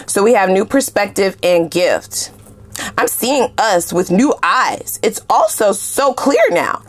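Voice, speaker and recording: Chatty woman giving a tarot reading. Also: mid-range voice. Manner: chatty and emphatic, repeats phrases, slangy asides. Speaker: tarot reader. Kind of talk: casual tarot love reading.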